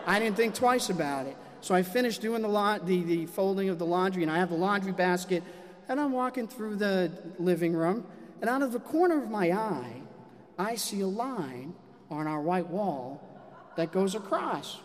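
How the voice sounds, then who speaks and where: A man telling a personal story to a live audience, animated and self-mocking. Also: high voice, moderate pace. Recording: long hall reverb.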